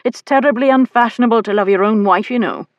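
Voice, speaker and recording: A woman's voice: a little high, fast talker, no echo, muffled recording, voice pushed up, close to an everyday voice. A woman voicing a brash, teasing young nobleman in an audiobook, mocking and boastful. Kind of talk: audiobook character voice.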